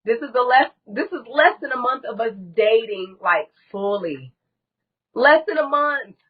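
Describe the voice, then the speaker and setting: A woman's voice: on the high side, lively intonation, measured pace, slightly rough, highs cut off. A woman as a guest on a live stream, telling a painful personal story in a candid, blunt way and swearing often.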